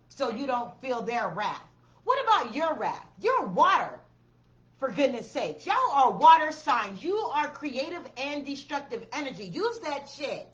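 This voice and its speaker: High-pitched woman doing a tarot reading, cusses a lot, blunt and pushy, kinda dull lo-fi audio. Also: fairly bright tone. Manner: blunt, profane, emphatic, repeats commands. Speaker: tarot reader.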